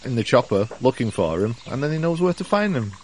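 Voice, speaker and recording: A man co-hosting a casual film chat, retelling scenes in an animated, rambling way. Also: mid-range voice, fast. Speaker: podcast co-host.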